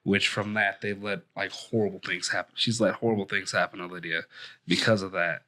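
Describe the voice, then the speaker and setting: A man with a bright, forceful, tense tone explains things in a relaxed fan chat. His sentences wander, with many likes as he works out what to say. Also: sits low, fairly quick. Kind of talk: casual fan discussion.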